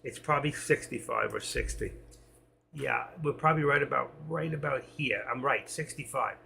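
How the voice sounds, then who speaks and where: A man's voice: mid-range voice, normal speed, vocal fry, sharp tone, slight background noise. A man giving live trading commentary, thinking aloud and reading out prices as he trades. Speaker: stock trading streamer.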